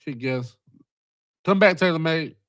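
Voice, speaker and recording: A man's voice: on the high side, measured pace, fairly bright tone, dry recording. A man hosting a casual livestream, rambling in profane street slang with many restarts. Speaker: livestream host.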